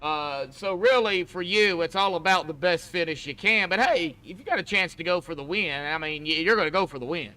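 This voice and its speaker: Here the race broadcaster talks briskly with few pauses, his voice on the high side and pushed bright. He keeps up a folksy, chatty commentary on the online sim race, treating drivers like buddies and calling them that.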